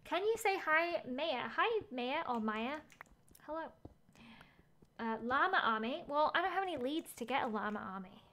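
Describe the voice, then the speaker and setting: A woman's voice: sits high, very animated, moderate pace, pushed and bright, slight background noise. A woman game streamer chatting casually as she plays, thinking aloud, gasping at finds and reading chat messages.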